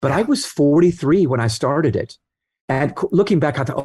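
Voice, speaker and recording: A man's voice: on the high side, sing-song, moderate pace, warm tone, slightly rough, no echo. A man in his sixties, a guest author, telling earnest stories in an interview and acting out quoted voices. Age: 60s. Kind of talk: storytelling interview talk.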